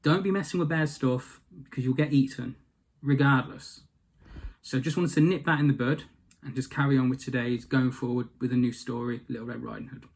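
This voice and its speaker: A man retelling a fairy tale in a casual comic style, with deadpan asides and rambling detours. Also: mid-range voice, fairly quick, vocal fry, slightly rough. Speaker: storyteller.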